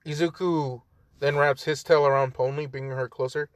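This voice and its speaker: A man's voice: mid-range voice, fairly even intonation, moderate pace, no echo, clean studio sound. A young man casually improvising a story, rambling with lots of fillers and joking asides.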